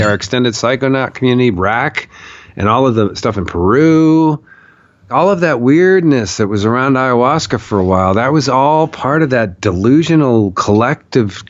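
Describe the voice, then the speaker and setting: A man's voice: medium pitch, no room sound. A man as a podcast guest, telling a story in an emphatic, profane way and repeating phrases for stress. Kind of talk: conversational storytelling. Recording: dull, muffled podcast audio.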